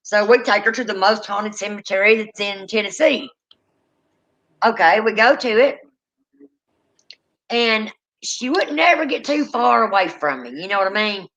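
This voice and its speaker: A woman, a paranormal investigator hosting a casual chat, telling lively stories, acting out quotes and swearing freely. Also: medium pitch, normal speed, long pauses, dull audio. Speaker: paranormal investigator and channel host.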